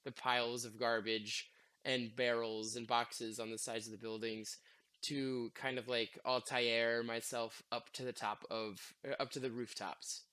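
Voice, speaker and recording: A man in casual tabletop play, joking with the game master and speaking in first person as his character. His voice is bright and clear, and he sounds playful. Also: mid-range voice, flat delivery, a little slow, no echo. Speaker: player.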